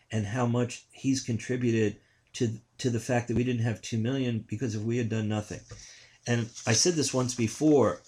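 A man's voice: mid-range voice, moderate pace, a little mellow, slightly rough. An older man, a journalist, giving indignant political commentary in a rambling way, with frequent restarts.

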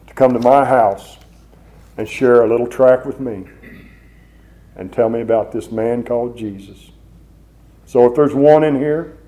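An earnest male preacher delivers a sermon, driving points home by repeating them. His voice is warm and mellow. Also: mid-range voice, fairly even intonation, moderate pace, low-quality recording. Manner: earnest, repeating phrases for emphasis. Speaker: chaplain preacher.

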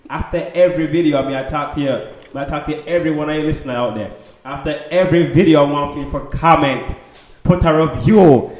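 A man's voice: a little high, echoey room, slight background noise, natural voice. A man voicing a joking Jamaican yardman with an exaggerated, playful patois delivery. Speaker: podcast guest.

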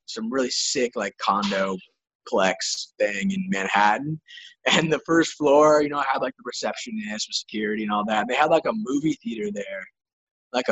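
Young male guest, husky and forceful, loose and profane, heavy on filler. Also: mid-range voice. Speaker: touring musician guest. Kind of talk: casual storytelling chat.

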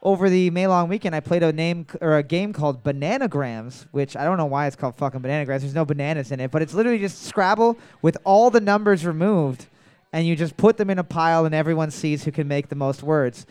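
A young man runs a casual trivia night with a smooth, clear, slightly high voice. He reads each question deliberately, often twice, and fills the gaps with crude joking asides. The sound is close and dry. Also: darkish tone, no room sound. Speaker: trivia host. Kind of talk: casual live trivia hosting.

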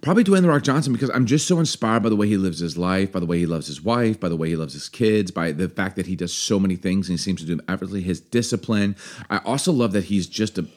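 A man's voice: low voice, animated, quick pace, darkish tone. A man co-hosting a family podcast as the father, chatting casually, laughing often and giving earnest advice.

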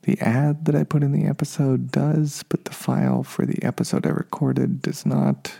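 A man speaks alone on his podcast in a hushed, husky, deep-toned voice with a strong gravelly fry. He talks loosely and unscripted, often correcting himself along the way. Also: level tone, moderate pace. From United States. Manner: unscripted, self-correcting, slightly frustrated. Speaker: podcast host. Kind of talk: solo podcast monologue.

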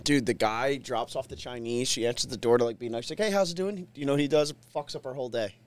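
A man's voice: mid-range voice, steady tone, fast, dry recording. A man co-hosting a podcast in casual chat, teasing his friend and telling stories bluntly with some swearing. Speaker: podcast co-host.

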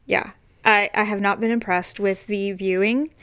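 A woman co-hosting a comedy podcast, telling stories in a frank, animated way with frequent laughter. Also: mid-range voice, normal speed, smooth, no room sound. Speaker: podcast co-host. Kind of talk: casual comedic chat.

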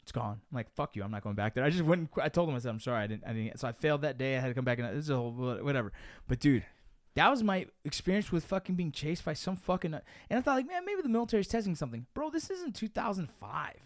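A man's voice: fairly high pitch, racing, dry recording, studio quality. A young man telling a story in a casual podcast chat, swearing often and calling the listener dude and bro. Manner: profane, animated, says dude and bro.

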